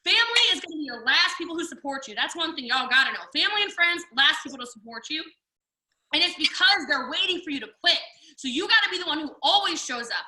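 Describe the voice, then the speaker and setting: A woman's voice: high-pitched, animated, bright, forceful tone, roomy sound, distant mic. A woman giving an emphatic, preachy motivational pep talk as guest speaker on a team coaching call, acting out people's excuses. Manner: fast, emphatic, preachy, acts out quoted excuses. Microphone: video call.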